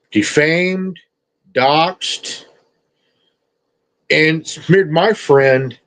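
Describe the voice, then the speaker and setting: Brief: man, high lively voice, slow scolding profane rant. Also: rough recording. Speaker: streamer. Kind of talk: confrontational rant.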